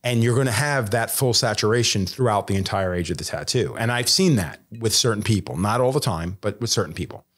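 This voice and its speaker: A man talking casually as a podcast guest, swearing freely and getting animated as he retells conversations. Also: on the low side, brisk, few pauses, husky. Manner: swears a lot, animated when retelling others. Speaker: guest tattoo artist.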